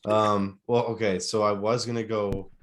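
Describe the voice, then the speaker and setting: A man's voice: on the low side, flat delivery, moderate pace. A man with an Upper Peninsula Michigan accent chatting casually on a podcast, a bit hesitant. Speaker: podcast co-host. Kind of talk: casual chat.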